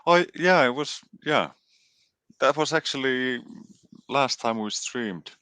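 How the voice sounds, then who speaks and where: A man co-hosting a casual livestream chat, not a native English speaker, talking in halting bits with many restarts, his chest sore and cough-prone. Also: mid-range voice, lively intonation, bright, forceful tone, clean tone, no echo. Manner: halting, restarts often, quick laughs. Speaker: co-host.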